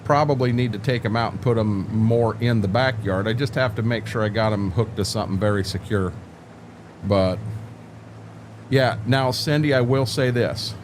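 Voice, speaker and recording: A man's voice: lowish voice, moderate pace, noisy background. An older man talking casually to viewers on a live stream, rambling in a folksy, joking way and repeating himself.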